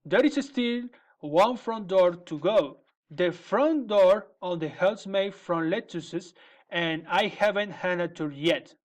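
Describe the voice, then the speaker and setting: A man's voice: high voice, slow. A man voicing a polite, upset young boy.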